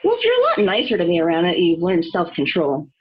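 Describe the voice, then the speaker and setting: A woman voicing a calm, careful male builder in a storybook, patient and mildly scolding. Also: fairly low pitch, brisk, muffled recording. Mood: impressed.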